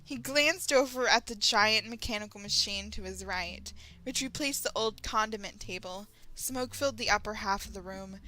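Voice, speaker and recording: A woman from Texas reading fan fiction aloud as a channel host, in an animated way and often breaking off to react. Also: mid-range voice, poor audio. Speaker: story reader, channel host.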